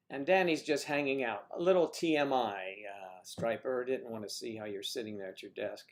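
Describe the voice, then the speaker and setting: Guy hosting a chatty livestream, rambly and jokey, teasing his guests, mid pitch. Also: moderate pace, few pauses. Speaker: livestream host. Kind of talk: casual livestream chat with guests.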